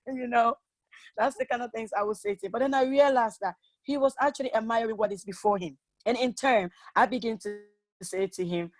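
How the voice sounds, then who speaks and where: A woman's voice: on the high side, quick pace, no echo. Candid woman telling relationship stories. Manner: candid storytelling, acts out quoted lines. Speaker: seminar speaker. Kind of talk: personal testimony talk.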